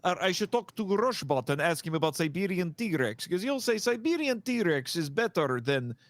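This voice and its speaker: High, lively-voiced man in casual podcast chat. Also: moderate pace, dry recording. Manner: chatty and meandering, laughs easily. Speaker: podcast co-host.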